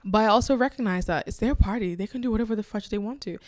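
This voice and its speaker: A woman hosting a podcast, giving blunt, animated advice in a casual chat and reading listener letters aloud. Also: medium pitch, fast, hardly any pauses, dry recording. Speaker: podcast host.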